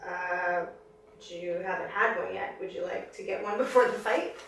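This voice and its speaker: A woman interviewing a boxer, asking short friendly questions and laughing quickly. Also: fairly low pitch, steady tone, gravelly, a bit bright, distant mic. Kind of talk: casual interview. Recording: very echoey room, off-mic, faint hum.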